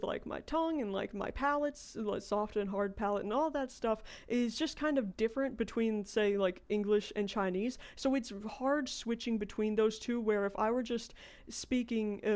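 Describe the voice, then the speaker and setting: A chatty American woman on a game livestream, her voice sitting a little high for a woman. She rambles and thinks aloud, explaining her ideas at length between moves in the game. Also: a little mellow. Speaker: game streamer. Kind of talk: casual livestream chat.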